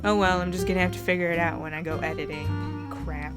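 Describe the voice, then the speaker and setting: A woman's voice: fairly low pitch, fairly even intonation, fast, over loud music. Chatty woman reading a game aloud. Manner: chatty, self-mocking reactions with laughs and sighs. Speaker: let's play host.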